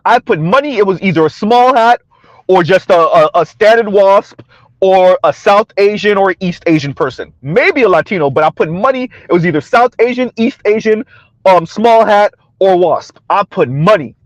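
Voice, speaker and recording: A man's voice: sits high, lively intonation, normal speed, dry recording, muffled recording. A man giving a combative, sarcastic opinion rant to his viewers, repeating his points and laughing between them. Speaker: commentary vlogger.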